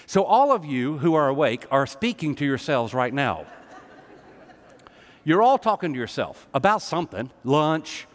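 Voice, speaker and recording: A man's voice: fairly high pitch, sing-song, moderate pace. Emphatic preaching man in echoing hall. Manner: emphatic, conversational preaching with rising intensity. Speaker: pastor. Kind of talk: sermon. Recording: long hall reverb, live sermon.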